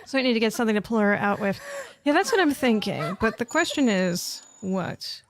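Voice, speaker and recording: Brisk and very animated, a woman with a slightly high voice gives live commentary on a horror game. She reads its text out loud, carries on talking to herself, and swears at the game in a panic.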